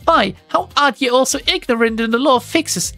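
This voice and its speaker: A man's voice: very high-pitched, fairly quick, bright, forceful tone, soft background music, pitched above the performer's own voice, exaggerated voice. A man voicing a theatrical young woman knight who speaks in grandiose, old-fashioned phrases in a raised voice.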